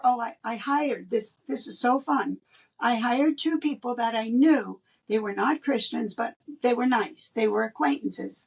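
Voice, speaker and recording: An older woman, a guest in an interview, telling a personal story in an animated way and laughing between lines. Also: on the high side, husky, recorded from a distance.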